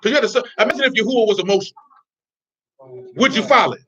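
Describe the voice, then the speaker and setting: A man's voice: sits high, quick pace, fairly bright tone, breathy edge. A man giving informal, blunt religious teaching in streetwise slang, with laughing asides. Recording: dull lo-fi recording.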